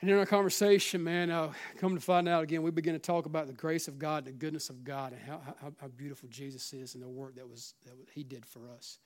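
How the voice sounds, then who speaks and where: Fervent Southern preacher, South Carolina accent. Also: male voice, a little high, fairly even intonation, fast talker, few pauses. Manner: fervent, swings from loud urging to hushed near-whisper, repeats "listen". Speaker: pastor. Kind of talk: sermon.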